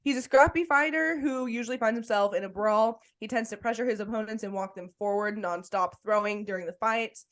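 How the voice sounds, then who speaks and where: A woman's voice: on the high side, a little fast, few pauses. A woman co-hosting a casual sports podcast, talking with enthusiasm and laughing often. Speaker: podcast co-host.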